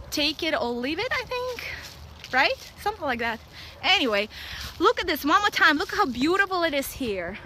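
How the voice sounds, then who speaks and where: A woman in her thirties with a Russian accent, talking blunt and excitable in a casual outdoor vlog, laughing often. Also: high voice, slight background noise, rough recording. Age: 30s. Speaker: vlogger. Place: outdoors at a dog park.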